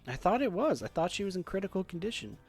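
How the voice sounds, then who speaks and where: A man's voice: sits high, very animated, quick pace, a little mellow, soft background music, voice pushed up. A man voicing an adult male French chef with a clumsy mock French accent, proud and fussy. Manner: voices his own lines in a put-on accent he admits he can't do.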